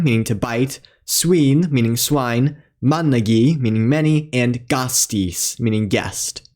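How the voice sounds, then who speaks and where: A man giving a scripted narration of a language lesson, carefully spelling out letters and sounds. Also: medium pitch. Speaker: language teacher.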